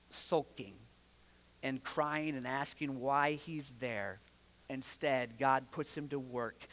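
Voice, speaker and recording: A male pastor preaching a sermon, telling the story with lively, animated delivery and acting out the characters' lines. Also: a little high. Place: church sanctuary. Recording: church hall with long reverb.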